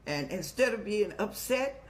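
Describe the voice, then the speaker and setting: An older woman hosting an advice show in a folksy, preacherly way, speaking to viewers like family and telling lively stories. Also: mid-range voice, measured pace. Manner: folksy, preacherly, calls listeners "child"; lively storytelling with animated rises. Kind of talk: warm advice talk to viewers.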